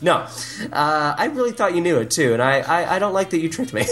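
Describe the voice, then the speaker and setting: A man's voice: on the high side, sing-song, fast, fairly bright tone, faint music behind. A man hosting a casual comedic movie quiz, teasing and laughing often. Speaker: podcast host running a movie quiz.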